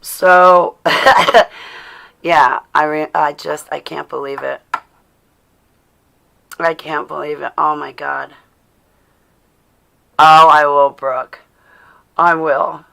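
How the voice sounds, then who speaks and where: Female livestream host, low and raspy-edged voice, casual home chat that calls out viewers. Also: little pitch movement, slow pace, pauses often, a bit bright. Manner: chatty, addresses viewers by name, laughs often. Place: indoors at home.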